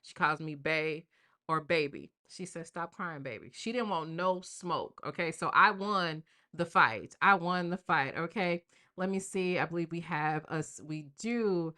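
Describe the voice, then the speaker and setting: A woman's voice: fairly low pitch, measured pace, sharp tone. An older woman, a grandmother hosting a casual live stream and chatting with viewers in a slangy, talkative way. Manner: chatty, slangy, addresses viewers as y'all and baby. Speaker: livestream host.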